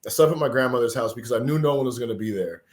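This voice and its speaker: A man in his forties from Texas tells a personal story as a podcast guest. His voice sits at a middling pitch, and his delivery is animated, earnest and emotional. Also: very fast. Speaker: podcast guest, former pro football player. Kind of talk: conversational storytelling.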